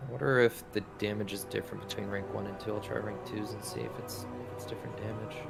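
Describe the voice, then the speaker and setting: A man's voice: fairly low pitch, little pitch movement, fast, vocal fry, loud music behind the voice. A man in a game raid over voice chat, asking questions about game mechanics. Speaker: raid member.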